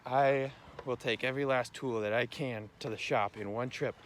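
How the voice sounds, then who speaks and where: A man's voice: medium pitch, fairly even intonation, normal speed, a little hiss or hum. Chatty young farmer man vlogging. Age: young adult. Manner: chatty, joking asides. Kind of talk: casual vlog narration.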